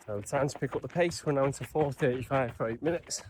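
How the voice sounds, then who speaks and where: A man's voice: medium pitch, fast, darkish tone, a little hiss or hum. Chatty man vlogging. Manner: chatty, upbeat, explains as he goes. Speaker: fitness vlogger. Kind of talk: casual vlog narration.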